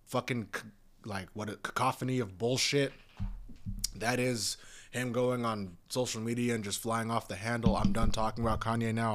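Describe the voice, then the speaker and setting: A young man in a casual, profane, rambling rant, talking in an exasperated way. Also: mid-range voice. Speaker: commentator.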